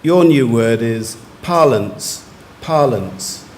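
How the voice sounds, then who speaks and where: A man, pronouncing words clearly and giving short definitions at a spelling competition. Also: medium pitch, animated, a little mellow, a little hiss or hum. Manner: measured, repeats each word clearly and gives brief definitions. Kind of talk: formal word pronouncing at a competition. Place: large museum hall.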